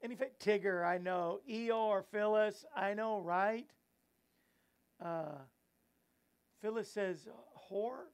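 A man's voice: sits high, slow, long pauses, smooth. A man hosting a Christian talk show, rambling and giggling at himself, then preaching earnestly. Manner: rambling, giggly, self-mocking; preachy exhortation. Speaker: host and evangelist.

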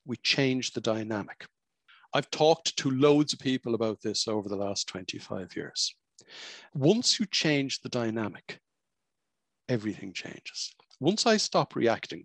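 Emphatic, gravelly podcast host. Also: male voice, mid-range voice, dry recording. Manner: emphatic, repetitive, preacherly teaching. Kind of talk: self-help podcast monologue.

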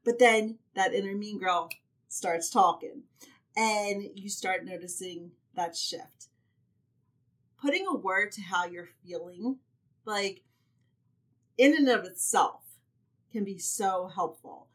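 An earnest woman explains self-help ideas in a relaxed podcast chat, filling her sentences with "like". Her voice is mid-pitched. She sounds slightly distant from the microphone. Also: slow pace, long pauses. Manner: earnest, uses 'like' often. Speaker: podcast guest. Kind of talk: casual advice chat.

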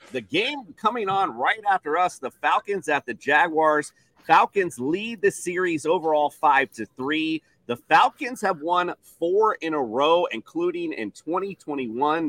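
A man's voice: on the high side, unhurried, no echo. A man hosting a sports picks show, reading stats and playfully calling on each panelist. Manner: animated, playful, reads stats then asks panel.

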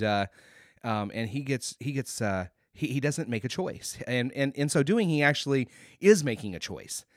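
A man's voice: medium pitch, dry recording. Guy talking through a bible passage, earnest, lots of uh and um, gets emphatic, dry room. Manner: earnest, many restarts and fillers, rising to emphatic. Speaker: podcast host. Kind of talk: casual Bible teaching.

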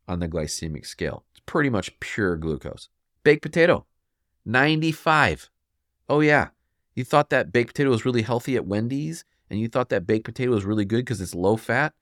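A man's voice: medium pitch, no echo, studio quality. A man hosting a solo health podcast, talking emphatically and scolding the listener, now and then mimicking what people think. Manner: mimics listeners in quoted asides. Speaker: podcast host.

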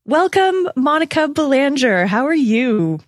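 A woman, hosting a podcast interview in a bubbly, excitable way and laughing often. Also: medium pitch, normal speed, no echo. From Canada. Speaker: podcast host. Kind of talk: casual interview chat.

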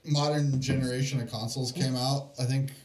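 A man in a casual podcast chat, giving calm, short replies and telling a story now and then. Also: mid-range voice, brisk. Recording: echoey, from a distance.

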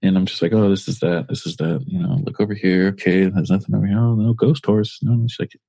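A man's voice: low-pitched, steady tone, fast talker, vocal fry, warm tone, breathy edge, no echo. A man co-hosting a podcast, telling a long story in a casual, rambling, profane way full of fillers. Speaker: podcast co-host.

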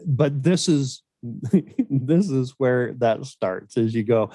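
A middle-aged man, a podcast guest, telling animated anecdotes in casual chat and laughing often, on a video call. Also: medium pitch, takes it slowly, no echo, studio quality.

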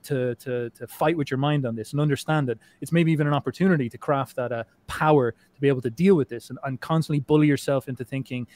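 Casting: quick-talking man, podcast guest, loose, rambling, swears a lot. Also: medium pitch, a little mellow. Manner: rambling, swears often, many restarts and fillers. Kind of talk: casual conversation.

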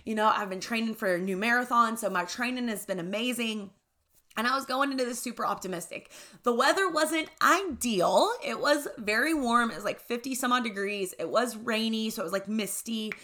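A woman's voice: on the high side, fairly quick, bright, forceful tone. A young adult woman hosting a podcast, telling a candid story in casual talk, swearing freely and often asking "right?". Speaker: podcast host.

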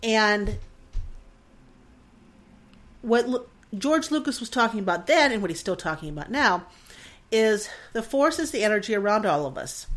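Earnest woman in her forties, rambling. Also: mid-range voice. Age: 40s. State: emotional. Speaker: podcast host. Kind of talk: casual reflective monologue.

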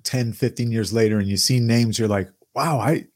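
A man's voice: fairly low pitch, steady tone, brisk. A man hosting an interview, speaking in a friendly, agreeable way and often chiming in with short responses. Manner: friendly, agreeable, frequent backchannels. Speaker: interview host. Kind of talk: casual interview conversation.

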